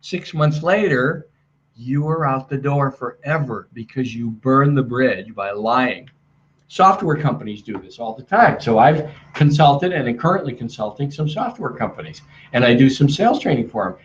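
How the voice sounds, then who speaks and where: A man's voice: mid-range voice, moderate pace, lo-fi sound. A middle-aged man giving a sales training webinar from a hotel room, talking energetically and acting out customer dialogue. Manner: energetic, acts out quoted dialogue.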